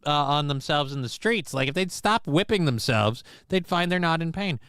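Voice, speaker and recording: A man's voice: on the high side, animated, moderate pace, few pauses, fairly bright tone, clear, resonant tone, no echo. A man hosting a casual livestream chat, with crude, mocking, profane banter. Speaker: show host.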